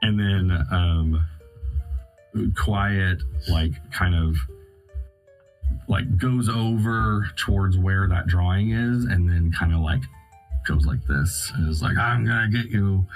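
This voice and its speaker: A man's voice: low-pitched, slow pace, faint music behind, rough recording. A man narrating as game master of a tabletop game, often laughing as he describes the scene.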